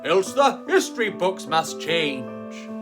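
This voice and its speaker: British woman reading jeering storybook dinosaurs, slow, low-ish. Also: sing-song, music in the background. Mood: mocking. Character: mocking gang of dinosaurs.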